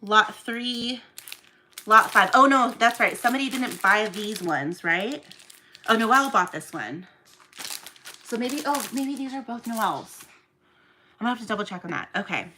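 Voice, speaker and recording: A woman chatting casually to viewers while she packs orders, self-mocking and counting items out loud. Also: a little high, lively intonation, moderate pace, pauses often, slight background noise. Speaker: small online shop owner. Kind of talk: casual vlog chat to viewers.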